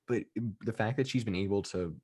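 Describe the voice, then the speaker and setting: Low-voiced rambling man. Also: fairly quick, darkish tone. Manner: rambling, many restarts and "I mean". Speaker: podcast co-host. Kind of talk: casual chat.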